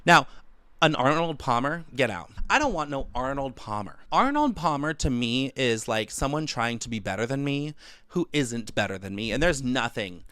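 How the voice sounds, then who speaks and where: Male comic, twenties, ranting monologue, loud animated swings, mid pitch, dry sound. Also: moderate pace, clean tone, no room sound. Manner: animated, profane, exaggerated outbursts. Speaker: comedian. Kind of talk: comedic rant monologue.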